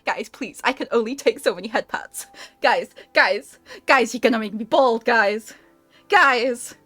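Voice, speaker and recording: Giggly, bright high-voiced woman streamer. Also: a little slow, no room sound, soft background music. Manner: giggly, playful, frequent laughter. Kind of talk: live stream chat.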